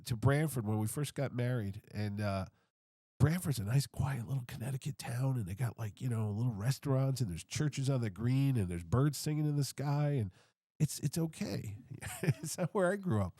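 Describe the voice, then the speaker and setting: Man, podcast guest, casual storytelling, tough-guy impressions, lively swooping pitch, dry close sound. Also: moderate pace, breathy edge, dry recording. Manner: animated, acts out tough-guy street banter with mock threats. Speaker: podcast guest, comic convention founder.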